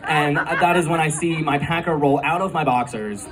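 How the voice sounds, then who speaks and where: A man's voice: a little high, normal speed. Chatty male comic on a club stage. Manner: chatty, filler-heavy, laughs at own jokes. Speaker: stand-up comedian. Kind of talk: stand-up comedy set. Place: live comedy club stage. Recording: live club recording from a distance, crowd noise. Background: audience laughter and club ambience.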